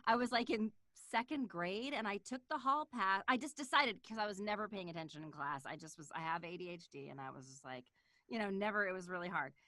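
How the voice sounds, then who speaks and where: A woman voice actress chatting as an interview guest, excitable and animated, often laughing. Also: medium pitch, brisk, no echo. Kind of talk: casual interview chat.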